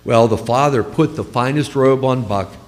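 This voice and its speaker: A man's voice: medium pitch, normal speed. A man, a priest, telling stories in a conversational funeral homily. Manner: storytelling, warm and conversational. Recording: long hall reverb.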